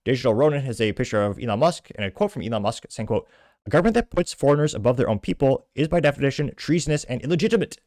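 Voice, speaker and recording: Fast-talking man hosting a commentary show. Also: mid-range voice, lively intonation, a little mellow, no room sound, clean studio sound. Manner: brisk, scornful commentary between read-out quotes. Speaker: podcast host. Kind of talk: reading out and commenting on social media posts.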